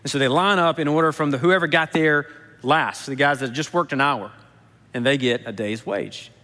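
A man's voice: fairly high pitch, moderate pace, bright, forceful tone. A man preaching a casual, conversational sermon, retelling parables in plain everyday speech. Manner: casual storytelling, acts out quotes. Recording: echoey hall.

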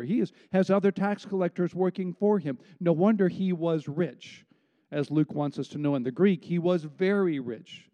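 A man's voice: on the high side, dark tone. A middle-aged man preaching a sermon, explaining a Bible story with asides to the congregation. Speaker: pastor. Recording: long hall reverb.

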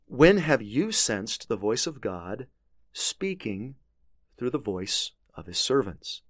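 Man, religious teacher, earnest scripture commentary, medium pitch, dry sound. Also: sing-song, slow, dry recording. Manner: earnest, emphatic reading of scripture.

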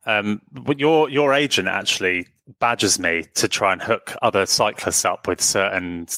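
A man's voice: lowish voice, moderate pace, pushed and bright, no echo. A man hosting a casual interview, asking rambling questions and cracking jokes. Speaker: podcast host.

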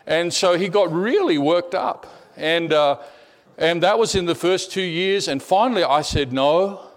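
A middle-aged man preaching a sermon, telling personal stories in an animated way, repeating words and dropping to a hush. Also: sits high, a little slow.

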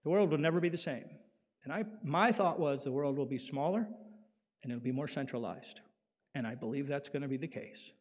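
High-voiced man preaching in a hall. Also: a little fast. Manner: animated preaching, rising loud then dropping quiet. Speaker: pastor. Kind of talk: sermon. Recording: long hall reverb.

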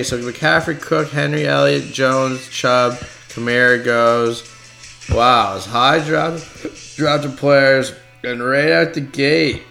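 A man calls his own fantasy football draft in a loose, excitable way, chatting to viewers between picks. His voice has a gravelly rasp at a middle pitch, and he swears when a pick slips away. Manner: excitable, talks to viewers as folks, swears under pressure. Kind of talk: casual live draft commentary.

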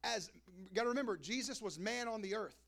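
Young pastor guy preaching, kinda high voice with a gravelly edge, super casual. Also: brisk, fairly bright tone. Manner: casual preaching, acts out crowd and Jesus in quoted voices. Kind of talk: sermon.

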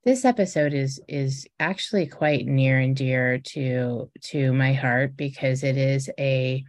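A woman in her forties talks to her listeners as a podcast host, with a low voice. She takes her time, circling back and restarting phrases as she shares personal reflections in an earnest, conversational way. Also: takes it slowly, darkish tone. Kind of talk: reflective casual podcast monologue.

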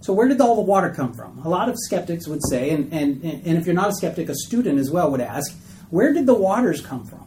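A man's voice: fairly high pitch, very animated, fairly quick, dark tone, a little hiss or hum, poor audio. A man teaching a casual Bible study class. He keeps checking in with the group by asking "okay?" and "right?".

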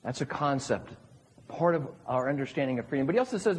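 A man's voice: mid-range voice, animated, fast talker, husky. A male pastor giving a sermon at a church service in a conversational way, asking his listeners questions. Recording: long reverb of a large hall.

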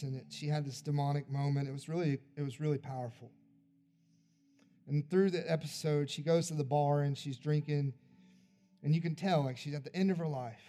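A man preaching at a church service, his voice pitched a little high but warm and mellow in tone. He leads an altar call in an earnest, pleading way, then lifts into fervent spoken prayer. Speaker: pastor.

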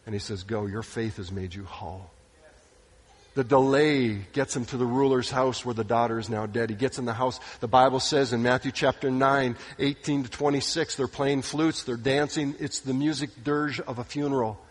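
A man preaching a sermon, retelling stories with dramatic delivery, sometimes dropping to a hushed voice. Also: medium pitch, steady tone, normal speed, hardly any pauses. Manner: dramatic storytelling, acting out quoted voices, drops to hushed tones. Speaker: pastor. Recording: long hall reverb.

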